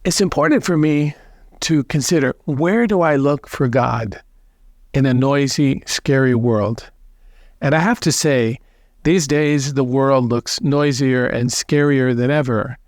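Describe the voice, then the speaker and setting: A man, a priest, giving a gospel reflection in a gentle, unhurried storytelling way, with some restarts. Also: mid-range voice, dry recording, clean studio sound.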